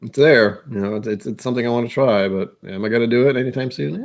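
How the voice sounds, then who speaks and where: Hosting a whiskey channel, a young man from the United States talks fairly quickly in a lowish voice, barely pausing. He muses aloud in a casual, rambling way and makes fun of himself.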